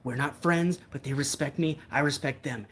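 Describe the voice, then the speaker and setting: A man doing an impression of a dramatic male wildlife filmmaker alone among bears, speaking solemnly and breathlessly and sinking into hushed whispers. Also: medium pitch, moderate pace, husky, pitched above the performer's own voice. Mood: dramatic earnest.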